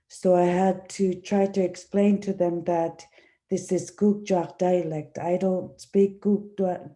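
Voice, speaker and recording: A woman from Igloolik, whose first language is Inuktitut, answers on a discussion panel. She speaks slowly and with a very dark, low timbre, pausing and restarting as she looks for words. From Igloolik, Nunavut. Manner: slow, searching, many fillers and restarts. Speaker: actress.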